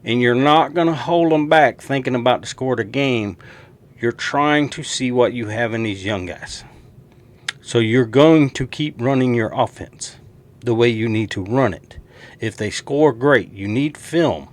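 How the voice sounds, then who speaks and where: A man with a Southern drawl runs through his football predictions in a loose, joking way, asking viewers what they think. His voice sits in the middle range for a man, and his delivery is lively and chatty. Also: medium pitch, measured pace. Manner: animated, jokey, talks straight to viewers. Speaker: sports show host. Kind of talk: casual sports prediction talk.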